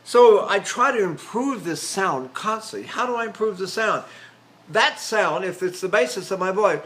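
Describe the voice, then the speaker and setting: An older male voice teacher lectures on singing technique, his trained tenor pitched high among men. His speech swings widely in pitch as he explains, stopping now and then to demonstrate on sung syllables. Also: animated, normal speed, a bit bright. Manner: demonstrates with sung syllables and vowels, talks with fillers and restarts.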